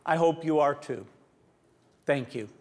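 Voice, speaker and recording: A man finishing a prepared speech in a measured, earnest way. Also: a little high, noisy background. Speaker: speaker.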